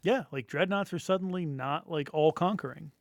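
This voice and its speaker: A man's voice: fairly high pitch, moderate pace, no echo, studio quality. A man co-hosting a casual podcast, joking and enthusiastic, with lots of "like" in his speech. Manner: joking, enthusiastic, says "like" often. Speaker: podcast co-host.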